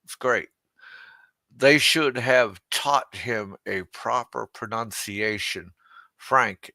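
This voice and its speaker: A man's voice: mid-range voice, extremely slow, creaky, pauses often, pushed and bright, dry recording. A man hosting an unscripted livestream rant, crude and mocking, laughing at his own jokes. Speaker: livestream host.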